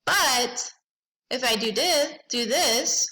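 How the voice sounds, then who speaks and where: A woman librarian giving a cheerful lesson to children, reading out example sentences slowly and with a teacherly lilt. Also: high voice, lively intonation, pushed and bright, rough recording. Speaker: school librarian.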